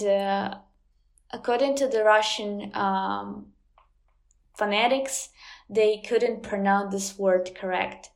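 A woman with a Ukrainian accent speaks at an unhurried pace, pausing often with ums and uhs as she chats as an interview guest. Her voice sits at a middle pitch. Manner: hesitant, many ums and uhs. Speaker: guest, language teacher. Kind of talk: casual interview chat.

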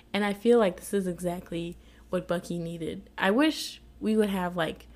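Chatty laughing woman recapping a show. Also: medium pitch. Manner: chatty and expressive, laughs often. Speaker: TV episode reviewer. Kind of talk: casual episode recap.

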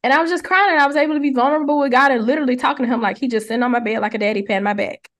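A young woman with a somewhat high voice co-hosts a casual faith podcast. She tells a personal story with lively energy. She acts out the people she quotes. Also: rapid-fire. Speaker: podcast co-host.

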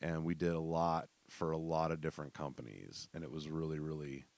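A man's voice: very deep voice, steady tone, a little fast, creaky, a little mellow, no room sound. A young man telling casual, profane stories and laughing as he goes. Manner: loose, profane, laughs through his stories. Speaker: storyteller. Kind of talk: casual storytelling.

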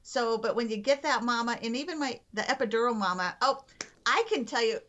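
Lively woman doula guest telling stories, kinda high voice, really animated. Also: a little fast, highs cut off. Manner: animated, vivid storyteller. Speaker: nurse and birth doula guest. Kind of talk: casual podcast storytelling.

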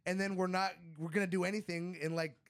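A man with a slightly high voice tells a long story on a casual podcast. He rambles along and swears freely, and he leans on "like" and "bro" as he goes. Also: level tone, fast. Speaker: podcast co-host. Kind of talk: casual chat.

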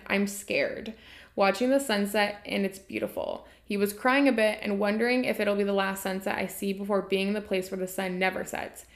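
A woman podcast host from the United States, telling a story in a casual, irreverent way with offhand swearing. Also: mid-range voice.

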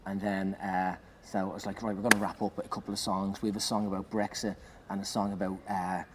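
A man, a comedian, telling an animated anecdote in conversation, swearing and shouting out the lines he acts. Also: low-pitched, fast. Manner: animated, swearing, loud acted-out bursts. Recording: noisy background.

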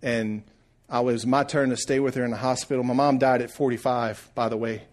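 A middle-aged man preaching a sermon, rising loud and then dropping to a hush. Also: mid-range voice, steady tone, fairly quick. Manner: preaching, swells loud then drops to hushed. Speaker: pastor.

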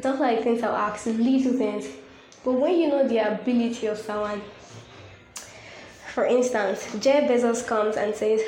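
Higher-voiced woman hosting a devotional podcast. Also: fairly even intonation, moderate pace, a little mellow. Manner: earnest, repetitive, preacherly. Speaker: podcast host. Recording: echoey room with faint ambient noise.

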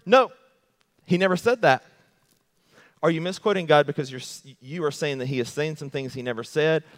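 A man's voice: fairly high pitch, moderate pace. Man preaching in a reverberant hall. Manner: animated preaching with rhetorical questions. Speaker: pastor. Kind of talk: sermon.

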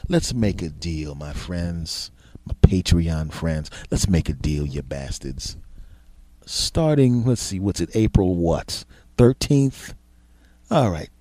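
Man, comedy podcast host, profane self-mocking rant, low voice, dry close sound. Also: mellow, dry recording. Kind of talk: comedic monologue.

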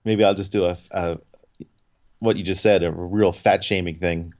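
Telling a story on the podcast he co-hosts, a deep-voiced man talks at a normal speed. His casual storytelling is animated and studded with restarts, fillers, and frequent "like"s, all in a muffled recording.

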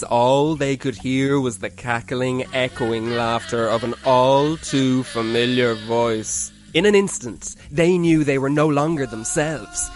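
Man, mid-pitch, measured spooky storybook narrator.

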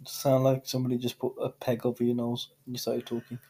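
A man's voice: mid-range voice, monotone, fast talker, dark tone, a little hiss or hum. A young man, co-hosting a podcast in casual banter, teasing dryly and playing the clever one. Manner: dry, teasing, mock-clever. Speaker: podcast co-host.

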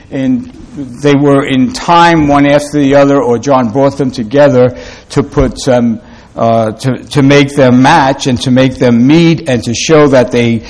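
Slow, halting male preacher. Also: mid-range voice, darkish tone. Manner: slow, halting delivery with many fillers and restarts. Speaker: pastor. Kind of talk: sermon.

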